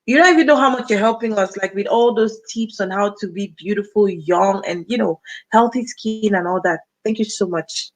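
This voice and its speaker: A woman's voice: medium pitch, moderate pace, rough recording. A woman with a Cameroonian accent, in her thirties, hosting a casual livestream and talking directly to viewers as she reads out their comments. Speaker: livestream host.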